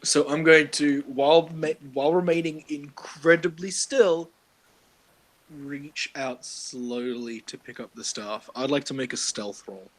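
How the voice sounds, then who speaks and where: A man's voice: on the high side, measured pace. A man playing a tabletop role-playing game, rambling and laughing as he describes his character's clumsy actions. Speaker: player. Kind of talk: casual tabletop role-play.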